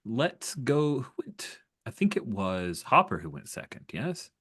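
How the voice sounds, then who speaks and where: A man narrating and running a tabletop role-playing game, lively and full of asides. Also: mid-range voice, unhurried, breathy edge. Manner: animated, slips into character voices. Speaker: game master.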